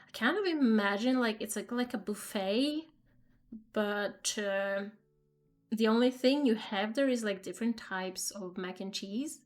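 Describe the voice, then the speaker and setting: A woman's voice: mid-range voice, measured pace, faint music behind. A young woman streaming a game, chatting casually with lots of fillers and laughs. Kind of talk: casual let's-play commentary.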